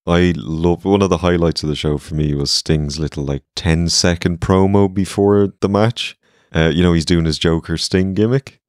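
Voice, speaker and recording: Deep, deadpan Irish man. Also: normal speed, dry recording. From Ireland. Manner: dry, deadpan. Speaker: podcast co-host. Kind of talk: casual wrestling chat.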